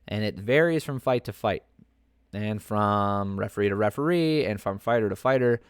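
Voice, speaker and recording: Opinionated man with a low voice. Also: moderate pace, smooth, no echo, clean studio sound. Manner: opinionated, rambling with many fillers and restarts. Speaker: podcast host. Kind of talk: casual commentary on fights.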